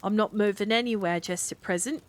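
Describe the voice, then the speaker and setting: A woman doing a gruff, sarcastic London bobby. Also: mid-range voice, brisk, natural voice. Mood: stern. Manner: blustering, slightly sarcastic, ungrammatical speech. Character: gruff stubborn male London policeman, middle-aged. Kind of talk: cozy bedtime read-aloud.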